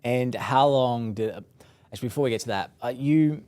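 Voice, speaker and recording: A man hosting an interview, mostly listening and asking halting follow-up questions. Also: medium pitch, a little mellow, clean tone, no echo. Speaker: podcast host.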